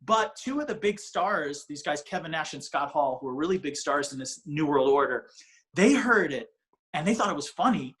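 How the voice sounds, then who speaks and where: A man's voice: fairly high pitch, expressive, moderate pace, a bit bright. A male comedian telling a long, rambling, self-mocking story in a casual interview, swearing freely and restarting his sentences. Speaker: comedian guest.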